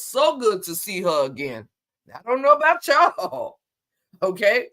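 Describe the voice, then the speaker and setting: A woman's voice: medium pitch, big pitch swings, fairly bright tone. Sassy woman chatting on a livestream. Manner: sassy, emphatic, talks back to comments; colloquial, drawn-out exclamations. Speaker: livestream co-host reading viewer comments. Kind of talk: casual livestream chat.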